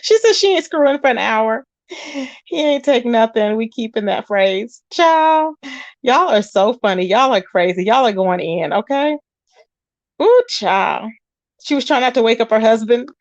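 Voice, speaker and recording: A woman's voice: fairly high pitch, animated, a little slow, no room sound, highs cut off. A woman hosting a casual livestream, chatting with viewers and calling them child and babe. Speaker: livestream host.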